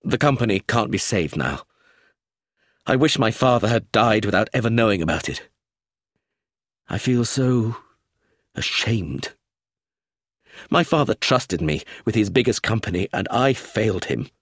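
Man doing a jittery middle-aged businessman, husky voice rising high and eager, flustered and pleading. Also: animated, measured pace, pauses often, no echo, clean studio sound. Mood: ashamed, pleading.

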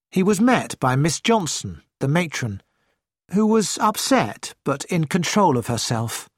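A man narrating an audiobook story in a measured, clear way. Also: a little high, sing-song, dry recording, clean studio sound.

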